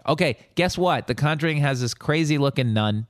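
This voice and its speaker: A man's voice: mid-range voice, normal speed, hardly any pauses, clean tone, dry recording, studio quality. A man co-hosting a casual talk show, telling a behind-the-scenes story and acting out what people said. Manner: animated storyteller, quoting others in raised voice.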